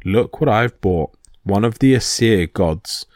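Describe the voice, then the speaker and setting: A man's voice: lowish voice, animated, takes it slowly, a little mellow, dry recording. Male reader doing dim giant lackey, whining, dry read. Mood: whiny.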